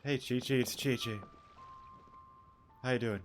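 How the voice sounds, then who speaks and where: A man's voice: mid-range voice, steady tone, a little slow, faint music behind. A man casually commenting while playing a game, joking and crude.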